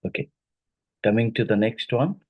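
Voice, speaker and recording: A man's voice: fairly low pitch, moderate pace, slightly rough, phone-quality sound. A man with an Indian English accent teaching a lesson, going through exam questions step by step with many fillers.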